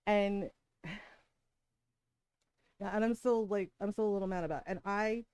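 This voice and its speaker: A woman's voice: medium pitch, fairly even intonation, normal speed, darkish tone, smooth, no room sound, low-quality recording. Heated, profane middle-aged woman streamer. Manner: heated, profane, rhetorical "right?" asides. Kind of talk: casual storytelling while gaming.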